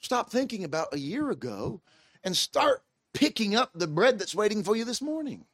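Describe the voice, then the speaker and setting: High-voiced preacher, emphatic. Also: male voice, big pitch swings, normal speed, fairly bright tone, no room sound, clean studio sound. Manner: emphatic, rising and falling preaching delivery. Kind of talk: sermon.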